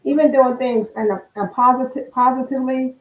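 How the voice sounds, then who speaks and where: A woman co-hosting a casual panel talk over a video call, speaking haltingly with many restarts. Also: sits high, fairly even intonation, roomy sound, far from the mic, poor audio. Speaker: podcast co-host.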